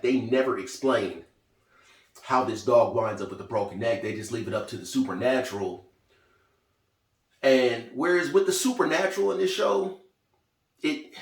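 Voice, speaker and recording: A man giving a casual, chatty spoken review of a TV show, talking in a lively, conversational way. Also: medium pitch, gravelly, recorded from a distance. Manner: chatty, lively, quotes characters in small voices. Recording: roomy echo, from off mic.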